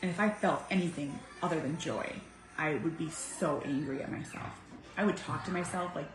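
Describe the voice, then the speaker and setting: A woman in her thirties, a mother talking heartfelt and earnest to her viewers, swinging from soft to emphatic. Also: sits low, moderate pace. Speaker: vlogger, mother. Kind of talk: heartfelt casual talk to camera. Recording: echoey room with faint music.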